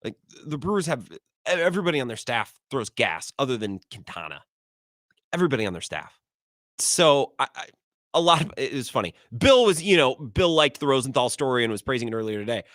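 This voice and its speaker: A male sports talk host in a studio, arguing his points with a lively, swinging delivery and a bright, forceful tone. His voice sounds dry and close. He trips over words and restarts as he pushes his case. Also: medium pitch, fairly quick, no room sound. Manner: argumentative, stumbles and repeats words. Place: radio studio.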